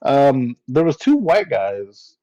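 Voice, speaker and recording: A man's voice: medium pitch, sing-song, takes it slowly, warm tone. A man co-hosting a podcast in casual chat, laughing often and swearing casually. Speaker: podcast co-host. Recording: dull lo-fi dry recording.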